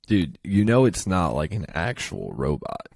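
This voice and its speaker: A young adult man co-hosting a podcast, talking in relaxed casual chat that is full of "like.". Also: deep voice, measured pace, vocal fry. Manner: relaxed, lots of filler "like". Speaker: podcast co-host.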